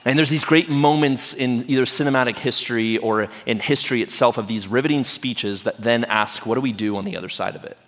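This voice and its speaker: A man's voice: medium pitch, a little fast, hardly any pauses, fairly bright tone. A man preaching a sermon as pastor in a conversational, humorous way, often checking in with the audience. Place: church auditorium. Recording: long reverb of a church hall.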